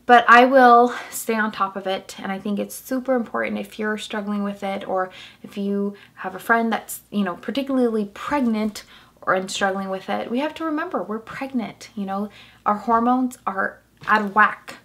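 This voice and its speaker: A woman's voice: medium pitch, normal speed, fairly bright tone. Candid young woman rambling on a vlog. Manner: candid, rambling, with many restarts and "like". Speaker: vlogger. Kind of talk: casual personal vlog update.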